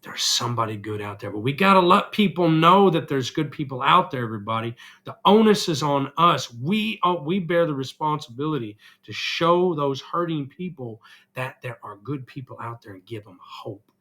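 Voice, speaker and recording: A man's voice: medium pitch, lively intonation, moderate pace, sharp tone. A middle-aged man vlogging an earnest, emotional personal reflection, still getting over an illness. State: recovering from illness, congested.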